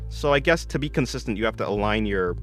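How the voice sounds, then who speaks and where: A man's voice: fairly low pitch, expressive, fast, faint music behind. A young man chatting on his art stream, answering viewers in a rambling, self-correcting way and laughing often.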